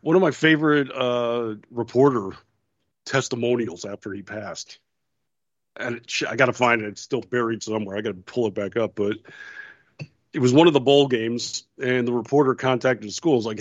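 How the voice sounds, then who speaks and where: A man co-hosting a casual talk show, telling lively anecdotes and acting out quotes. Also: mid-range voice, brisk, no room sound, dull audio. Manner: animated storyteller, acts out quotes. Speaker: podcast co-host. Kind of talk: casual chat.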